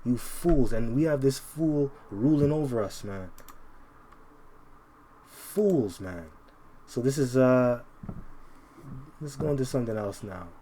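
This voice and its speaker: Combative man preaching, mellow tone. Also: mid-range voice, a little hiss or hum. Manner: combative, repeats "man" constantly; reads verses slowly and deliberately. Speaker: Bible teacher. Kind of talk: informal scripture commentary.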